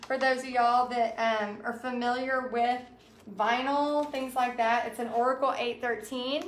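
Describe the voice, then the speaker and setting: A woman's voice: on the high side, steady tone, measured pace, a little hiss or hum. A woman, hosting a casual live art stream and chatting as she reads viewer comments aloud. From Texas. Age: 40s. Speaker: art livestream host. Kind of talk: casual live craft demo chat. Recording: roomy livestream sound.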